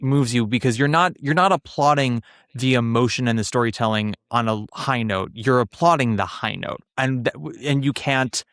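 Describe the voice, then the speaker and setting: A man's voice: mid-range voice, normal speed, no echo. Opinionated man chatting about theater. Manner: opinionated, animated, trails off and restarts. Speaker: podcast host. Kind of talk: casual chat about theater.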